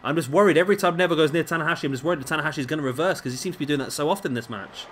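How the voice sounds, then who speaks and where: A man hosting a gaming channel, giving excitable let's-play commentary on a wrestling game and urging the wrestlers on aloud. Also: a little high, very fast, slight background noise.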